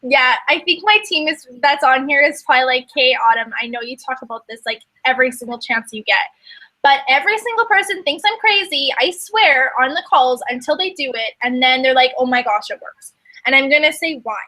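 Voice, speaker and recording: A young woman with a high, bright voice gives a casual motivational talk to her team. She speaks emphatically and acts out her own inner voice in quoted asides. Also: lively intonation, a little fast, low-quality recording. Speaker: network marketing coach.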